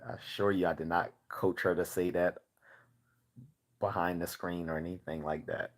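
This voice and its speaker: A man's voice: deep voice, steady tone, moderate pace. A man hosting a livestream, chatting casually, laughing at his own stories and restarting sentences. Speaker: livestream host.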